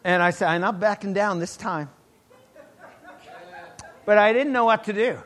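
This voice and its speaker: A middle-aged man preaching a sermon, telling a personal testimony with animated swings between loud exclamations and hushed asides. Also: sits high, moderate pace.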